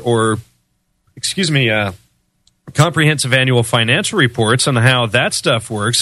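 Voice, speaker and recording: Bright-voiced man, guest on talk radio. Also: mid-range voice, dry recording. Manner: hesitant, many fillers. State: unwell, recovering from fever. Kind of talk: casual talk radio interview.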